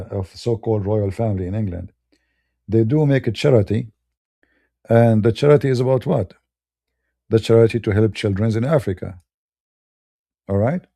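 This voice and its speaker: A man's voice: lowish voice, warm tone. A man from the Middle East with a Middle Eastern accent, delivering a blunt, scornful monologue in broken English. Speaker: debater. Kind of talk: heated ranting monologue.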